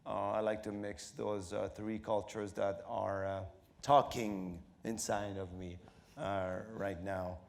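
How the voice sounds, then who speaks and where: Being interviewed on stage, this comedian guest, a middle-aged man from Morocco with a French accent, has a lowish, creaky voice and a flat delivery. He frequently laughs, does voices, and talks in stop-start bursts loaded with fillers.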